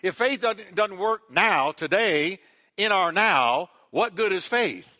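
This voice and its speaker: A man's voice: sits high, expressive, slow pace, sharp tone. A man preaching a sermon as pastor, emphatic and repetitive, calling the congregation to respond.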